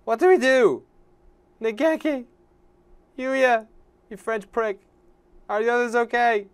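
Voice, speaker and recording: A man voicing the game's young female protagonist in a shrill, exasperated voice. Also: slow, smooth, full character voice. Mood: indignant.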